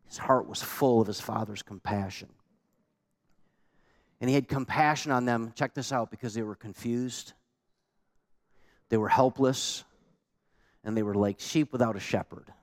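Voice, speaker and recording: A man's voice: medium pitch, measured pace, pauses often. A man preaching a sermon as pastor, emphatic and conversational, with many rhetorical questions to the congregation.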